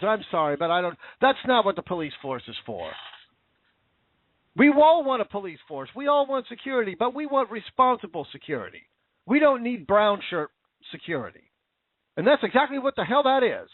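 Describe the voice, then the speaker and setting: A man's voice: sits high, very animated, brisk, no room sound. Ranting man with a tinny sound. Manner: heated, swearing, sarcastic. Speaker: political commentator. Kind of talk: angry ranting monologue.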